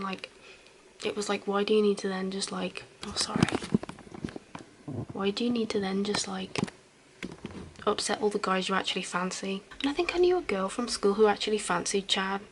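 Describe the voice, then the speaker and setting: A young woman doing a whispered role-play as a caring best friend, soft, chatty and reassuring. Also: mid-range voice, moderate pace, background noise. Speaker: ASMR host playing a caring best friend.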